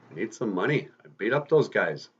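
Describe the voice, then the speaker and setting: A man playing an eager teenage boy hero, speaking in excited, earnest exclamations. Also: on the low side, brisk, slightly rough, muffled recording.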